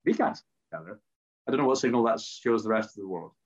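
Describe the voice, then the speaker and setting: A man's voice: on the low side, animated, quick pace, husky. Earnest man, muffled sound. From Scotland. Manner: hesitant, repeats words, earnest. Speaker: politician. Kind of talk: interview answers.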